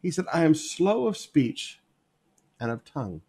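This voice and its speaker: A man's voice: a little high, very animated, unhurried, darkish tone, slightly rough. A man preaching a sermon, repeating key phrases for emphasis as he reads and explains scripture.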